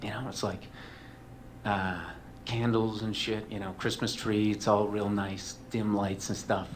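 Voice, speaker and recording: A man's voice: fairly low pitch, little pitch movement, a little slow, a little hiss or hum. A male comedian telling a long story as a talk show guest. He rambles, swears freely and mocks himself. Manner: profane, rambling, self-mocking.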